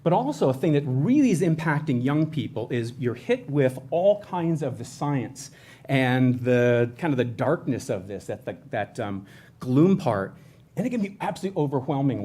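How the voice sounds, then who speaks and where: A man's voice: medium pitch, dark tone. A man presenting for a state environmental agency, talking in a conversational way with frequent restarts and self-corrections. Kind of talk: educational presentation.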